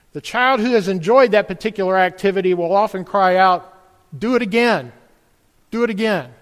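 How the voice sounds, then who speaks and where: A man's voice: sits high, smooth, in a large hall. A man preaching a sermon to his congregation, earnest and full of rhetorical questions. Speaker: pastor.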